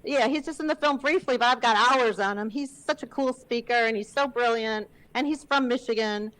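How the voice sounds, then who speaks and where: A woman's voice: a little high, normal speed, a bit bright, poor audio. Chatty woman hosting a video-call panel. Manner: chatty, many fillers like "you know" and "um". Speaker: film director hosting the panel. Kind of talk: casual panel conversation.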